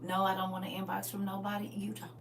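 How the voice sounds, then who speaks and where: A middle-aged woman preaching through funny stories, chatting directly with the crowd and now and then bursting out loudly. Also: mid-range voice, fast. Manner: lively and chatty, teasing the crowd directly, sudden loud outbursts. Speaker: speaker at a live church gathering. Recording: far-off mic with faint hum.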